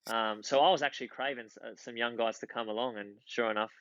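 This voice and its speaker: A man's voice: medium pitch, fairly even intonation, fast, fairly bright tone, no room sound, muffled recording. A man in his thirties with an Australian accent, a podcast guest chatting casually and telling rambling anecdotes full of restarts. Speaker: podcast guest, former footballer. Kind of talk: casual chat, storytelling.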